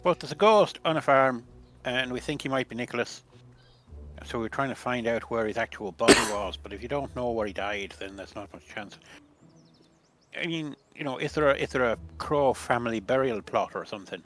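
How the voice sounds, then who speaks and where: A man's voice: medium pitch, normal speed, fairly bright tone. A man taking part as a player in a tabletop game, wry and joking in casual chat.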